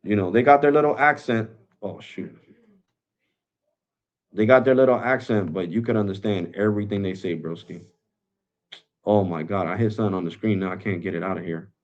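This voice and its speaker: Talking a little fast with frequent pauses, this man has a lowish voice and runs a tech live stream in a loose, casual way. He uses slang and keeps addressing viewers as "bro," all over dull lo-fi sound.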